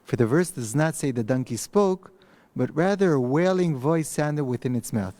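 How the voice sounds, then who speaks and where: A man, giving a recorded text lecture in an empty study hall, speaking thoughtfully with pauses and restarts. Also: a little high, animated, warm tone. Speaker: rabbi teaching a text class. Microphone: microphone.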